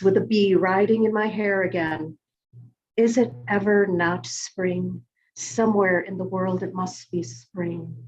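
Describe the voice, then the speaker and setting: A woman poet reading her poems aloud in a slow, measured recitation. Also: on the low side, muffled recording. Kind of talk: poetry reading.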